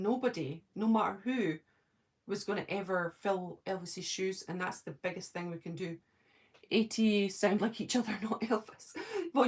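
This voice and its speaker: A Scottish woman chatting casually on a live stream from her home, answering viewers' comments by name and thinking aloud. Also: mid-range voice. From Scotland.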